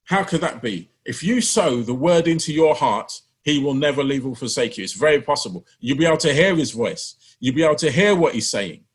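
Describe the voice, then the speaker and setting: A man's voice: medium pitch, animated, fairly quick, few pauses. Man preaching with repeated emphatic phrases. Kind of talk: sermon.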